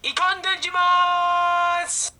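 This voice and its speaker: A woman doing silly shouted sound-effect voices, zany and laughing, jumping between squeals and low growls. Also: completely flat delivery, takes it slowly.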